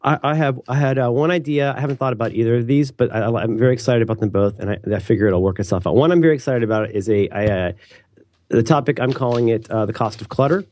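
Male podcast co-host, warm mellow tone, quick rambling banter, dead-dry studio sound. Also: mid-range voice, no echo. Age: adult with a daughter. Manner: rambling, animated, teasing. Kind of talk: casual chat.

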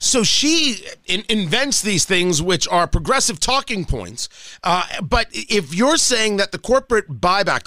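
A male radio host with a high, bright voice, close and dry in the studio. He questions his guest and restates the guest's points to check them. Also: no room sound. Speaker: radio talk show host. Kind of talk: radio interview.

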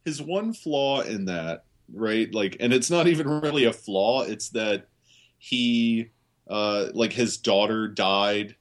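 A man's voice: lowish voice, takes it slowly. A man co-hosting a podcast, chatting casually and rambling sarcastically about a film, with lots of swearing and filler words. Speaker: podcast co-host. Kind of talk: casual movie review chat.

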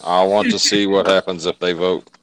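A man's voice: deep voice, level tone, normal speed, fairly bright tone, smooth, low-quality recording. A man in a casual podcast chat who drops in short questions and asides.

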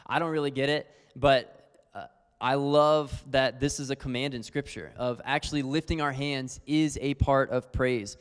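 A man's voice: mid-range voice, steady tone, moderate pace, clear, resonant tone. A man teaching on worship in an earnest, conversational sermon style, full of fillers. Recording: long hall reverb.

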